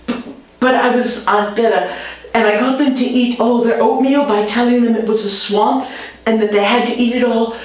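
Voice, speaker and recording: A woman telling a story aloud in a lively performed style, switching voices for her characters. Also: moderate pace, heavy reverb, low-quality recording. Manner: animated, voices many characters with big pitch jumps.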